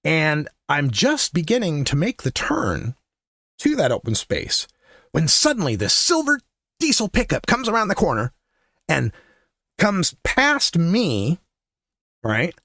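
A man hosting his own show, telling a story in a casual monologue. He is blunt and profane, gets louder and higher as he gets worked up, and laughs between lines. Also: slow, long pauses, dry recording, clean studio sound. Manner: animated, rising to near-shouting when worked up, laughs between lines. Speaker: podcast host.

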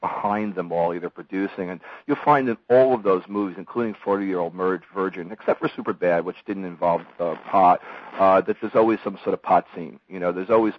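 A man with a lowish voice chats loosely on a radio show, piling up fillers as he goes. The sound is dull and muffled. It is also dry and close. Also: brisk, no room sound. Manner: rambling, many fillers, animated retelling. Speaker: guest film commentator. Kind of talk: casual radio chat.

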